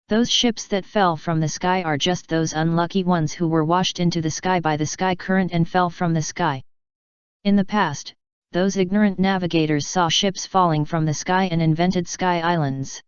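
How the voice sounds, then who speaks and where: A woman reading a fanfiction audiobook in an even, unhurried way. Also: lowish voice, smooth, no room sound. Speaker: audiobook narrator. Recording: dry, slightly dull recording.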